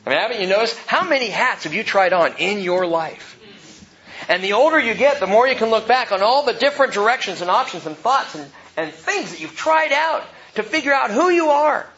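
A man preaching a sermon, moving between hushed, quiet phrases and emphatic bursts, with the odd joke along the way. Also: high voice, lively intonation, a little fast. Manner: dramatic, swings from soft hush to emphatic; jokey asides amid preaching. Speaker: pastor. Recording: slightly dull lo-fi recording with faint noise.

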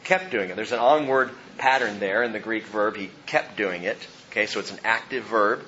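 Pastor guy preaching, bright voice a bit high, jokes around, kinda dull muffled recording. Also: brisk, hardly any pauses, a little hiss or hum. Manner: animated, joking, acts out the people in the story. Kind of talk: sermon.

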